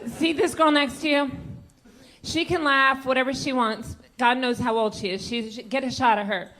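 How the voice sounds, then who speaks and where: A woman in her forties doing a brash stand-up set, working the crowd and bursting into shouts. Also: high voice, fairly even intonation, moderate pace. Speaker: stand-up comedian and host. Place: comedy club stage. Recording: live club recording with loud crowd laughter and noise.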